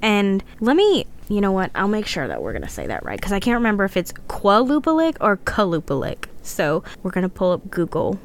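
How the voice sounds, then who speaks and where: A woman's voice: medium pitch, wildly swooping pitch, a little fast, hardly any pauses. A woman co-hosting a casual podcast, reading a legend from her notes with frequent laughs and stumbles. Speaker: podcast co-host.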